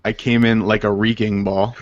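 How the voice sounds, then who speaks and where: A man co-hosting a casual podcast, deadpan and offhand. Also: lowish voice, normal speed. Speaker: podcast co-host. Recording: dull lo-fi remote audio.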